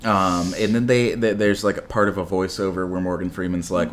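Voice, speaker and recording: A man's voice: low-pitched, flat delivery, a little fast, hardly any pauses, slight background noise. A man co-hosting a casual movie review chat, retelling scenes with sarcasm and mock voices. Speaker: podcast co-host.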